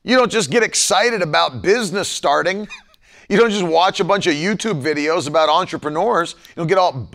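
A man with a fairly high voice preaching on a live broadcast. He drives points home by repeating them and drawing out the key words. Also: normal speed, gravelly, fairly bright tone. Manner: repeats lines for emphasis, stretches key words. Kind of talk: sermon.

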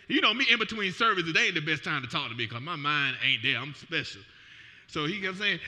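High, bright preaching man in a hall. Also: quick pace. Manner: animated preaching, voice swelling and dropping. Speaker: pastor. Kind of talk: sermon. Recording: long reverb of a church hall.

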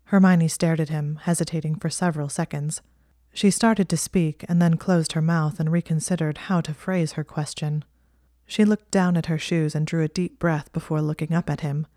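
A woman narrating fiction in a steady, measured reading style. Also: low-pitched, no room sound, studio quality.

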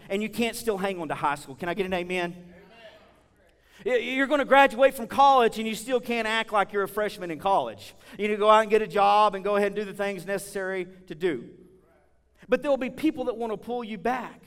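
Animated preacher man in a reverberant hall. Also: high voice, brisk, smooth. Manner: animated, conversational preaching with big swings in volume. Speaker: guest preacher. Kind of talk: sermon with storytelling. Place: church sanctuary.

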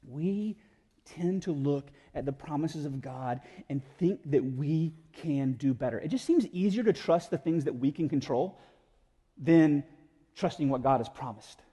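A man preaching a sermon in an animated, conversational way, slipping into voices for the people in his stories. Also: on the high side, unhurried, breathy edge. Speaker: pastor. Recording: echoey hall with long reverb.

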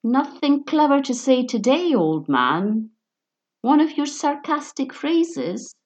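A woman's voice: high-pitched, sing-song, takes it slowly, pitched above the performer's own voice, full character voice. Woman voicing a drunken bully, harsh, sneering, raised voice, storybook. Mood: jeering.

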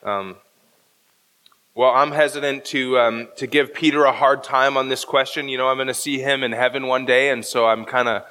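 A man's voice: mid-range voice, fairly even intonation, normal speed, sharp tone, big-room sound. A man preaching a sermon as pastor, walking through a scripture passage verse by verse and explaining the original Greek.

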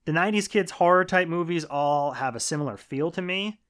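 A man co-hosting a podcast, casually recapping a movie with a laid-back manner, swearing now and then and trailing off quietly. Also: fairly high pitch, fairly quick, clean tone. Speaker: podcast co-host.

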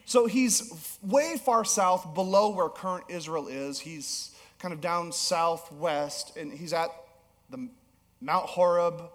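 A male pastor preaching a sermon, telling a story with animated swings between emphatic peaks and low, soft passages. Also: takes it slowly. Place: church auditorium. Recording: long hall reverb.

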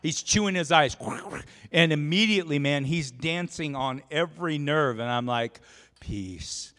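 A man preaching a sermon as a pastor, telling a story with lively swings from quiet asides to shouting. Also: on the high side, moderate pace. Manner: animated, shouts in storytelling peaks. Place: church sanctuary. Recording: long church reverb.

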